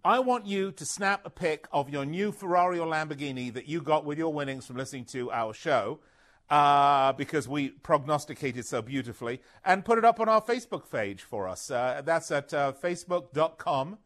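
A man's voice: a little high, animated, moderate pace, a bit bright. A man co-hosting a sports talk radio show, exuberant and joking, rambling with fillers in casual chat on a studio mic.

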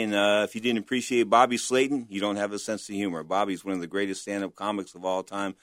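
A man's voice: lowish voice, level tone, fast, hardly any pauses, fairly bright tone, no room sound, clean studio sound. A man hosting a talk radio boxing show, chatty and boastful, hyping up his guests. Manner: boastful, chatty, hype-driven.

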